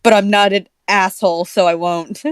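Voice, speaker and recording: A woman in casual joking chat with friends, teasing them and quick to laugh. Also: mid-range voice, flat delivery, clean tone, no echo. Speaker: co-host reading a story aloud with friends.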